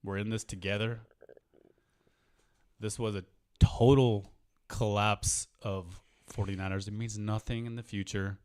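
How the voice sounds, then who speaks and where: A man's voice: on the low side, little pitch movement, a little slow, long pauses, darkish tone, clean tone, no room sound, clean studio sound. A man co-hosting a casual sports podcast, talking in an earnest, mock-mournful way with frequent restarts. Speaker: podcast co-host.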